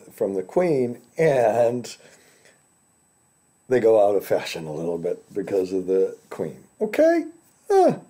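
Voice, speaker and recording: Dark-voiced man giving a rambling lecture. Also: mid-range voice. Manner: halting, repeats words and restarts often. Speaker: finance lecturer. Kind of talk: informal video lecture.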